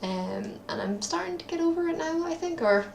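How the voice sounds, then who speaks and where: Young Scottish woman vlogging at home: gravelly, rambling, echoey room. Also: extremely high pitch, sing-song, normal speed, slight background noise. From Scotland. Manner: rambling and self-deprecating, many ums. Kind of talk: casual daily video diary. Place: at her parents' home, indoors.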